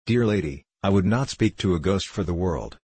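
A man reading the part of a young maid who gossips and frightens easily, in a husky, low voice. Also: expressive, normal speed, darkish tone, no room sound. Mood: chattering.

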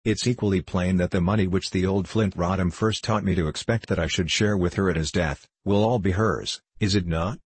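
A man voicing a scheming young man who presses his point in a slow, steady, insistent way. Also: deep voice, slightly rough, dry recording.

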